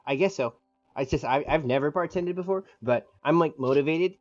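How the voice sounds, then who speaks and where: A woman playing a tabletop game, excitable and rambling. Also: sits low, a little fast, faint music behind. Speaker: player. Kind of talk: in-character tabletop play. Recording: dull lo-fi.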